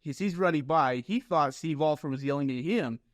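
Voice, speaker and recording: A man hosting a podcast, chatting casually and telling stories with lively acted-out quotes. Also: on the high side, normal speed, no echo, clean studio sound. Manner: animated storyteller, acts out quotes. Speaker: podcast host. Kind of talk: casual interview chat, storytelling.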